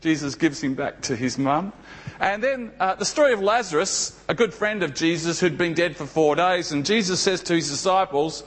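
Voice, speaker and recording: A man's voice: fairly high pitch, lively intonation, normal speed. A man preaching a sermon who tells a story and often asks his listeners rhetorical questions. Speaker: pastor.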